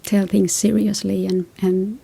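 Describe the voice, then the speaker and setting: Husky, gravelly woman giving gentle advice. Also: mid-range voice, little pitch movement, measured pace. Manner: reflective, tells personal stories. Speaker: relationship advice host. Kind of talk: casual advice talk.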